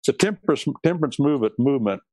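Man, preacher, emphatic sermon delivery, lively swooping pitch, dry close sound. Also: very fast, no echo. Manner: emphatic, repeats key words. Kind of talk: sermon on law and scripture.

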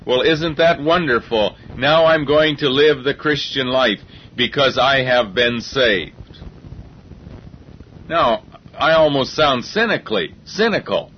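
A man's voice: mid-range voice, expressive, takes it slowly, husky. A man preaching a sermon in an earnest, reasoning way, often repeating words as he builds his point. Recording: dull lo-fi recording.

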